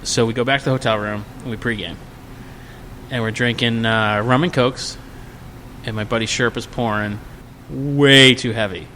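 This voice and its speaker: A man's voice: mid-range voice, moderate pace, pauses often, a little hiss or hum. A man telling a drunken convention story in a casual podcast chat, acting out the quotes with a raised voice. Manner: animated, acts out quotes in a raised voice. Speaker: podcast guest.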